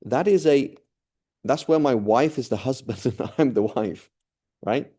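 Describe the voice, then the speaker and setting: A religious teacher speaks in a mellow, mid-range, unhurried voice, giving a casual, conversational talk where he often checks in with the listener and acts out quoted dialogue.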